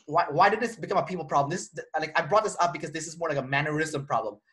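Speaking very fast in a voice on the high side, a man being interviewed tells a personal story casually. He's animated, performs the quoted dialogue, and restarts a lot.

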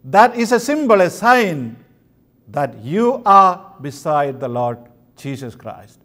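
Slow-preaching man with a lively voice. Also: sits high. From India. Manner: slow, emphatic preaching with pauses. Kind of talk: sermon. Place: convention hall.

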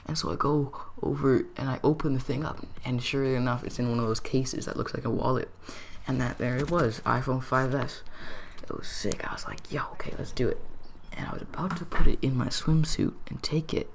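A young man tells a story in a casual vlog, rambling and excitable, stacking "like" and "dude" as he goes. His voice sits in a middle pitch with plenty of gravelly fry. A faint hiss runs under the recording. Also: fairly quick. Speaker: YouTuber telling a story.

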